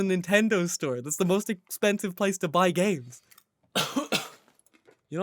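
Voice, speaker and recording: A young man co-hosting a casual podcast chat, animated and swearing freely as he tells stories. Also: high-pitched, a little slow, pauses often, dry recording, clean studio sound. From Ireland. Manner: animated, swears a lot, laughs while telling stories. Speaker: podcast co-host.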